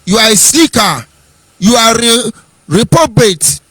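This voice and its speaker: High-voiced Nigerian man preaching politics. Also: very animated, a little slow, sharp tone, breathy edge, no echo. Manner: rhetorical, mocking, preachy. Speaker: political commentator. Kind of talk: impassioned broadcast monologue.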